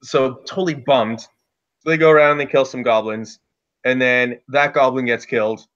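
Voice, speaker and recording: A man telling a casual story about running a tabletop game, loose and lively, with lots of "like" fillers. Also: medium pitch, normal speed, dull audio. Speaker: dungeon master guest.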